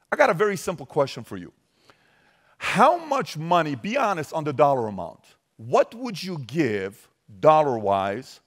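A man in his forties, from Iran, giving a motivational talk to a live audience, emphatic and questioning the crowd directly, turning soft for personal stories. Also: on the high side. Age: 40s. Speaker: motivational speaker.

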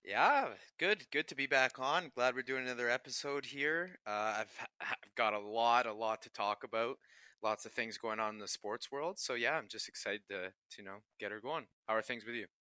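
Young man, podcast co-host, bright tense voice, clean dry sound, casual storytelling with lots of laughs. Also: mid-range voice, moderate pace, clear, resonant tone, no room sound. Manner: laughs often while telling stories, swears casually.

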